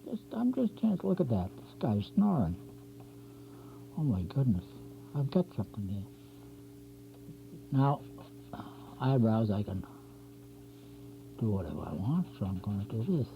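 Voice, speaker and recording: A man's voice: on the low side, very animated, a little slow, creaky, long pauses. Man teaching cartooning on lo-fi public-access tape. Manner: chatty, narrates each stroke as he draws. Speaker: drawing instructor and show host. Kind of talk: step-by-step drawing lesson. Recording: dull 1990s community TV tape with faint hum.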